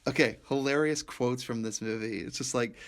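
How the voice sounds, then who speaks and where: A young man on a casual movie podcast, talking in an excited, rambling way. He stumbles over his words, laughs often and keeps jumping from one thought to the next. His voice sits at an ordinary pitch for a man. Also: normal speed. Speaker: podcast co-host.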